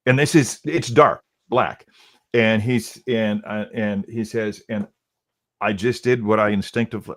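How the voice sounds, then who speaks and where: A middle-aged man, a radio host casually retelling a story he covered, quoting people with many "he goes" and restarts. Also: mid-range voice.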